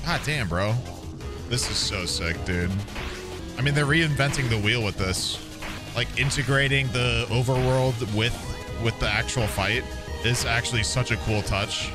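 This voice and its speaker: A young man giving excitable, swearing reactions while playing a game. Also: medium pitch, a little slow. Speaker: gaming streamer. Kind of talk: casual game commentary. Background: game music.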